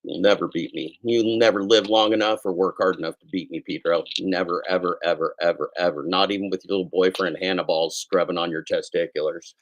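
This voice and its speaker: A man's voice: deep voice, steady tone, fairly quick, few pauses, dull audio. Brash profane man with a scratchy throat. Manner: brash, crude, mocking. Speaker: podcast host. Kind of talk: profane comedic news riff.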